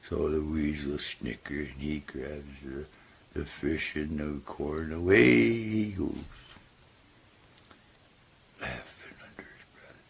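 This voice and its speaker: An older man telling folksy stories in a slow, halting, soft-spoken way with many fillers. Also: rumbling low, gravelly, breathy edge. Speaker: storyteller. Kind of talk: casual folksy storytelling.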